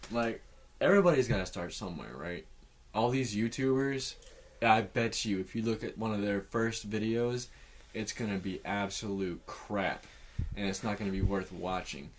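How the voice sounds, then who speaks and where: A man's voice: on the low side, normal speed. A man talking as a podcast guest in casual chat, earnest and encouraging.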